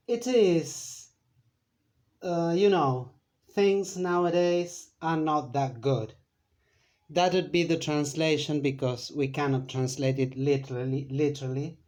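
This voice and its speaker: A man with an Argentine accent teaching a Spanish lesson in English, explaining step by step with many pauses and fillers. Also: on the high side, darkish tone. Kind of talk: slow bilingual language lesson.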